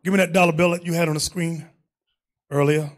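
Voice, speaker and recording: A man's voice: on the high side, fairly even intonation, fairly quick. A man teaching a Bible class in an emphatic preaching manner, calling on readers and staff between points.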